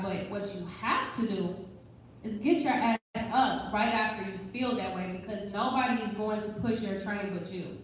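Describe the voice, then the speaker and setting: A woman's voice: medium pitch, normal speed. A woman giving a direct, encouraging motivational talk as a panel speaker at a live podcast event. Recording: echoey room, distant mic, faint noise.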